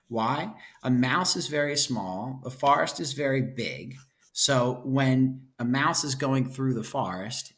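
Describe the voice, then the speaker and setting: A man teaching a casual lecture through a book chapter, chatty and playful, checking in with his students constantly. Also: medium pitch. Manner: playful asides, enthusiastic about cute pictures.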